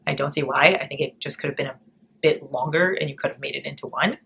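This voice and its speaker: A young American woman chatting casually through a book reading wrap-up, blunt and animated, swearing freely. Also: sits low, fast, vocal fry, a little hiss or hum. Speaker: book vlogger.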